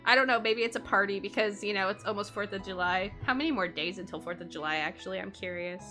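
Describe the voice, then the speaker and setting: A woman's voice: medium pitch, quick pace, music in the background. A woman from Canada chatting casually on a livestream, bubbly and giggly, rambling and laughing often. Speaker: streamer.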